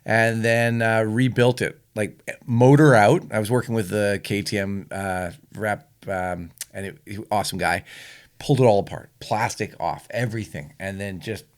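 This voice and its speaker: A middle-aged Canadian man talks as a podcast guest. He tells stories in a relaxed, easygoing way and fills the pauses with ums and uhs. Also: fairly low pitch, smooth. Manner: easygoing storyteller, hesitant fillers. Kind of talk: casual chat.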